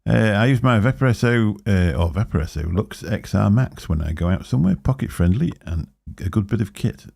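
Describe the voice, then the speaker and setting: A man's voice: on the low side, lively intonation, brisk, vocal fry, darkish tone, husky, no room sound, studio quality. A middle-aged man co-hosting a casual livestream chat, rambling and correcting himself as he talks. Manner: rambling, self-correcting, chuckling. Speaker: co-host of a live vaping chat show.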